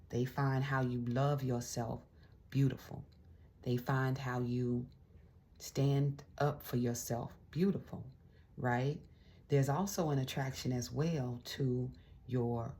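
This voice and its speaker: Very low-voiced excitable tarot reader woman. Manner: excitable, chatty, slips into hushed whispers. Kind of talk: excited casual tarot reading.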